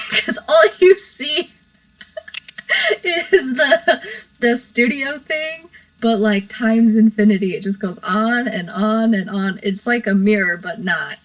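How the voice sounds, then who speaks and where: A woman's voice: on the high side, slow, poor audio. Giggly woman hosting a bedroom stream. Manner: giggly, self-deprecating, rambling. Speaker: livestream host. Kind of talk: casual live stream chat.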